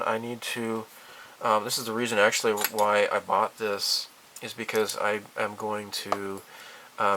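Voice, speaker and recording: Casual hobby vlogger, male, gravelly and unhurried, hesitant rambling delivery, noisy home recording. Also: sits low, sharp tone. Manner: rambling, hesitant, many fillers. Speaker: hobby channel host. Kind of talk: casual monthly update vlog. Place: cluttered room at home.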